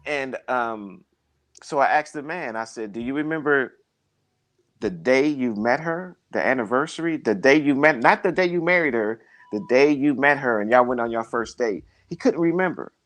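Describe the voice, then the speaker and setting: A man with a lively, swooping voice talks in a casual chat, preaching and telling anecdotes. He acts out the voices of the people he quotes in them. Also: medium pitch, moderate pace. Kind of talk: casual conversation, storytelling.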